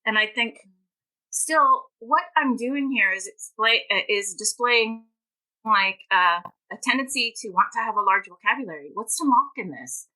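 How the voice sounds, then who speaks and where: A woman's voice: fairly high pitch, lively intonation, moderate pace, pushed and bright, poor audio. A woman, a guest author and language teacher, talking emphatically and at length in a podcast interview. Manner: passionate, emphatic and talkative.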